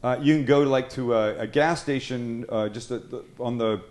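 A man hosts a relaxed interview. He teases his guests with rapid questions and laughs often as he talks. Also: mid-range voice. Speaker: cooking show host. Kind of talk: casual joking interview.

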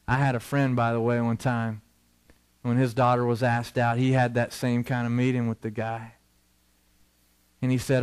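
A man telling a story in a chapel sermon in a casual, conversational way, acting out the people in it and dropping soft and low for serious points. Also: level tone, normal speed, pauses often, clean tone. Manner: casual, conversational, uses slang like "man" and "cool". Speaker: chapel speaker.

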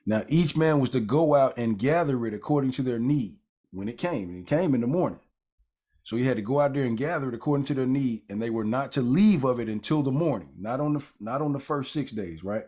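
A man's voice: mid-range voice, lively intonation, brisk, dark tone. A man giving a conversational Bible lesson, wandering into casual asides with fillers and restarts, then reading scripture aloud and stressing key words. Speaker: Bible teacher.

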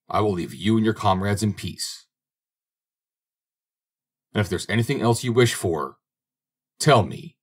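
A man reading a blustering forest giant in a husky, lowish voice. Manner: blustering, archaic speech. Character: huge gruff forest giant, bullying then cowed. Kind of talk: audiobook character reading.

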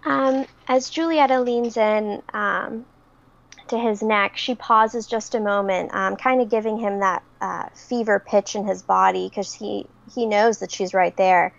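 A young woman describing her character's actions in a tabletop game, slow and hesitant with many pauses. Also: medium pitch, steady tone, creaky, muffled recording. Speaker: player.

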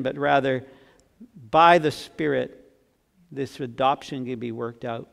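A man in his sixties preaching a sermon as pastor, earnest, swinging from emphatic to soft and tender. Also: medium pitch, steady tone, slow pace, vocal fry, pauses often. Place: church sanctuary. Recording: long church reverb.

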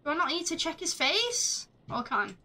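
A woman streaming a game live, chatting along as she plays, swearing freely and shouting at the screen. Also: very high voice, very animated, moderate pace. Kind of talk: live gameplay commentary.

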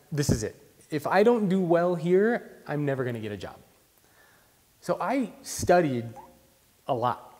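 A young man, a guest in an interview, telling his own story in a lively, conversational way. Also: medium pitch. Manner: lively storyteller who acts out voices. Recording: long reverb in the room.

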